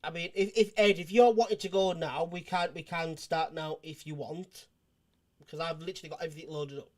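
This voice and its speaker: A man's voice: a little high, steady tone, a little fast. A man hosting a casual livestream, rambling and joking between restarts. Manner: rambling, restarts, jokey asides. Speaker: host.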